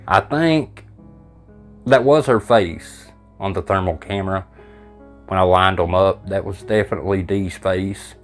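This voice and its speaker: Low-pitched American host, lively joking delivery over soft background music. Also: male voice. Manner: animated, laughing, jokey. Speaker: channel host reading viewer comments. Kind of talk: casual commentary.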